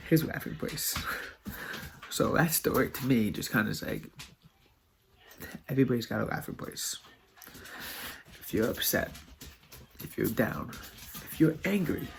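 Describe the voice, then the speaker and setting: A man's voice: mid-range voice, gravelly, a bit bright, a little hiss or hum. A man speaking in an earnest, heartfelt and loosely rambling way in a casual video monologue. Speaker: vlogger.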